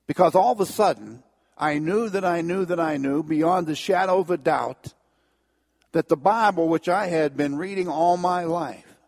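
A man's voice: a little high, darkish tone. Man, middle-aged, testimony to an audience, earnest storytelling, voice swells at key moments. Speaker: speaker giving a testimony.

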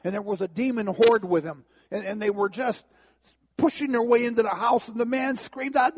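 A male preacher tells a dramatic sermon story, stumbling and restarting as he builds tension. His voice is high, gravelly and husky, and it rings with a long hall reverb. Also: a little fast, darkish tone.

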